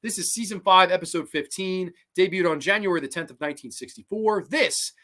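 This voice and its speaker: A mid-pitched podcast host rambles through a casual review of an old series. The host swears freely, piles up fillers and thinks aloud in a baffled, questioning way. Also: brisk, pushed and bright.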